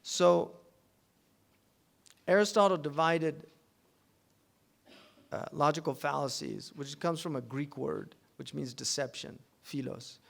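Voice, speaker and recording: A man teaching a class on logic, explaining in a loose, conversational way with fillers and restarts, and reciting Arabic text quickly. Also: on the high side, gravelly.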